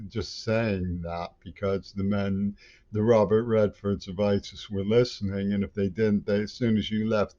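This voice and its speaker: Low mellow-voiced guy on an angry rambling rant, keeps tripping over words, dull lo-fi audio. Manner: angry, rambling, stumbling restarts. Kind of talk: ranting monologue.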